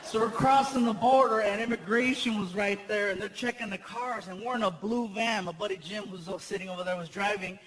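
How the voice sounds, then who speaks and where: High-voiced man doing stand-up. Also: a little fast, few pauses, crowd noise. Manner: animated storyteller who acts out other characters' voices. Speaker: stand-up comedian. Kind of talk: stand-up comedy storytelling. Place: large theater with a live audience. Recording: live stage recording with audience noise.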